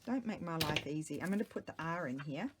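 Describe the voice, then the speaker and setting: A woman's voice: low-pitched, lively intonation, quick pace, noisy background. A middle-aged woman, chatting casually and rambling to herself while she works on a craft project at home. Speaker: craft vlogger. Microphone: small microphone.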